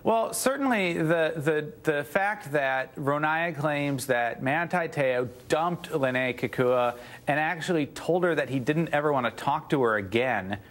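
A man's voice: fairly high pitch, unhurried, a bit bright. A man, a news site editor, answering interview questions with hedges and restarts. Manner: hedging, many restarts and "you know".

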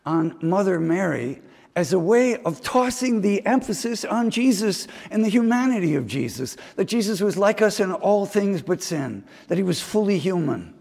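A man's voice: sits high, creaky, darkish tone, long reverb tail. A man preaching a homily, telling stories and slipping into mimicked voices now and then. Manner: storytelling preaching with mimicked asides. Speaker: priest. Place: chapel.

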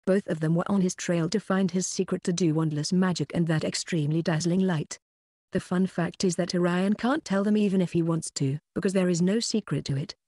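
An audiobook narrator reading a story in a steady, uninflected synthetic voice. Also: mid-range voice, no room sound, studio quality. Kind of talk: scripted narration.

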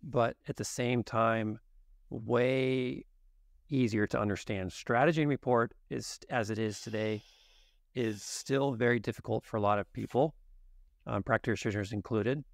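A man's voice: medium pitch, a little slow, vocal fry, dry recording, studio quality. A man as a guest expert on a podcast interview, explaining in detail and acting out exchanges with patients. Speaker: guest expert on genetics and nutrition.

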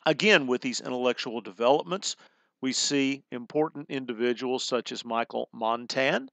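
A man's voice: medium pitch, moderate pace, creaky, fairly bright tone, no room sound. A middle-aged man giving a recorded college humanities lecture in a conversational way, explaining terms as he goes and often restarting his phrases.

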